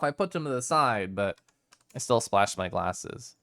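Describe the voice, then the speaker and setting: A young man talks to his stream chat from his home setup, his voice smooth and clear on a headset mic. He rambles along easily with lots of fillers. His pitch sits at an ordinary middle level. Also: expressive, fairly quick, sharp tone, dry recording, studio quality. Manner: chatty, rambling, frequent fillers. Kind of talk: casual storytelling to chat.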